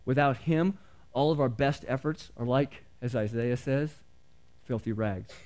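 A man's voice: medium pitch, measured pace, a little mellow. A middle-aged male pastor preaching a sermon in an earnest, conversational way, asking the congregation questions.

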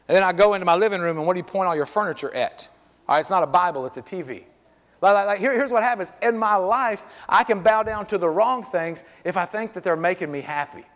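Middle-aged male pastor, high voice, lively and jokey sermon delivery, long church-hall reverb. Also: quick pace. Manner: lively, conversational, joking, peppered with "man". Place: church sanctuary.

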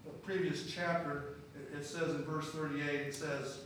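A man's voice: a little high, little pitch movement, normal speed, few pauses, fairly bright tone. A man preaching a sermon, talking with the congregation and asking them questions. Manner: conversational, asks the congregation questions. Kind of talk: sermon with scripture reading. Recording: very echoey, distant, faint room noise.

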